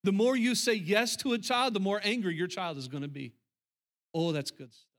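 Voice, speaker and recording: A man's voice: sits high, animated, a little fast, a bit bright. A middle-aged male pastor preaching a sermon, emphatic and repetitive, talking straight to the congregation.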